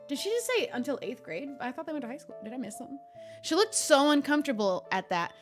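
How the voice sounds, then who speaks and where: A young woman with a high voice reads stories aloud on a livestream. She drifts between the text and chatty, laughing asides. Soft music plays faintly underneath. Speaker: streamer.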